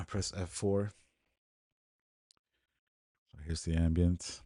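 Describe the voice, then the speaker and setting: In a clean studio recording with no echo, a man narrates a screen-recorded photo editing tutorial. His voice is low and slightly rough, his words drawn out, and he mutters to himself in a relaxed way as he works.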